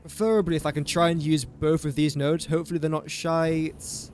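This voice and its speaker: A man's voice: on the high side, little pitch movement, fairly quick, a little hiss or hum. A man talking to himself in casual gameplay commentary, rambling and easily sidetracked. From England. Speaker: gaming streamer.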